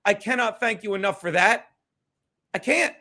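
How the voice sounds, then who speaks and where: High-pitched guy with a sharp bright voice ranting on his livestream, cussing a lot, shouting out viewers. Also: normal speed, creaky. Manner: profane, combative, thanking viewers by name. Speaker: livestream host.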